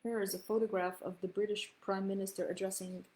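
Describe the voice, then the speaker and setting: A woman reading her grandfather's memoir aloud as storytelling, pausing to explain Yiddish and Hebrew terms. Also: mid-range voice, little pitch movement, darkish tone, low-quality recording.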